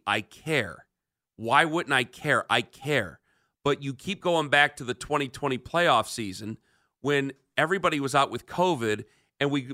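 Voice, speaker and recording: Male radio co-host with a bright, dry studio sound, defensive and sarcastic. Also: mid-range voice, no echo. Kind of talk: heated sports radio debate.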